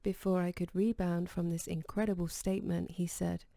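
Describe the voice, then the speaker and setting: A woman narrating an audiobook in a calm, measured reading style. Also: lowish voice, gravelly, dry recording. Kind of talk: scripted narration.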